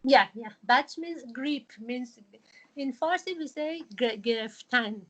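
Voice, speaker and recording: A woman with a high voice teaches a religious studies class over a video call, explaining patiently but haltingly with many fillers, against a noisy background.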